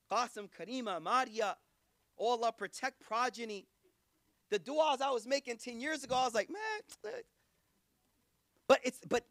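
A man's voice: extremely high pitch, fairly bright tone, no room sound, studio quality. A man preaching in a casual, conversational way, acting out quoted voices. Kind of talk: sermon.

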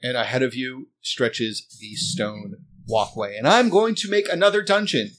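A man running a tabletop game as game master, setting scenes slowly and deliberately. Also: mid-range voice, lively intonation, fairly bright tone.

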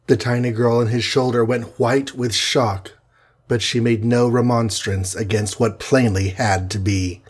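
A man with a husky voice narrating a superhero adventure story in an even storytelling manner. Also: medium pitch, unhurried. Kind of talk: audiobook narration.

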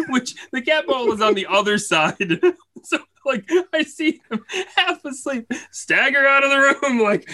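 Bright male storyteller, animated and laughing, casual podcast chat. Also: very high voice, unhurried. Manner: animated, laughing often, acts out family voices.

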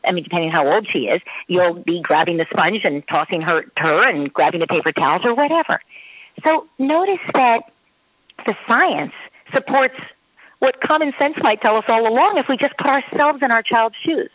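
A woman's voice: medium pitch, expressive, a little fast, a bit bright, dry recording, highs cut off. A woman parenting expert giving advice in casual talk who acts out her child's voice in quotes. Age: adult parent.

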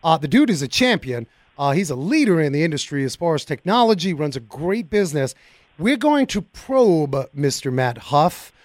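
A man hosting a car talk radio show, chatting in a folksy, excitable way and speaking straight to his listeners from a studio mic. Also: on the high side, normal speed, no echo.

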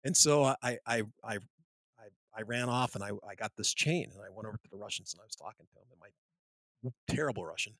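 A man on a podcast telling a long anecdote in casual chat, rambling and animated, full of restarts and "you know". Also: fairly low pitch, fast, no room sound. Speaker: podcast host.

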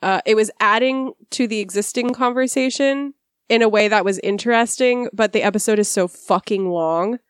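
A woman's voice: medium pitch, moderate pace, smooth, no echo, clean studio sound. A woman in her thirties hosting a podcast, wry and often laughing, reading the show outro with some apology. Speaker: podcast host. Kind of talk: casual chat and show outro.

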